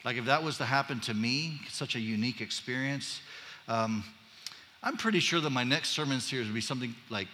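A man's voice: medium pitch, brisk, pushed and bright, slight background noise. A man preaching a conversational sermon, casual and chatty with joking asides, in a church sanctuary. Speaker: pastor. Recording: long reverb of a large hall.

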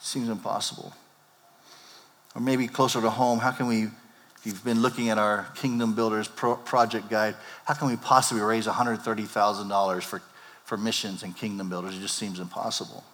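A male pastor preaching a sermon, animated and acting out the disciples' lines in character voices. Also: lowish voice, moderate pace. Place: church sanctuary. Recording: long hall reverb.

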